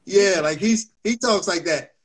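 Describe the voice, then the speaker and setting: A man's voice: high-pitched, unhurried, a crowd in the background. A man chatting casually as a guest analyst, laid-back and laughing along. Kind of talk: casual chat.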